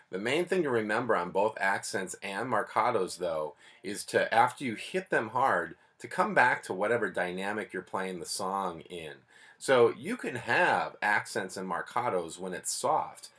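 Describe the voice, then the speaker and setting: A man's voice: fairly low pitch, a bit bright. A man teaching a band lesson in a patient, plainspoken, explanatory way. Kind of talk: music lesson.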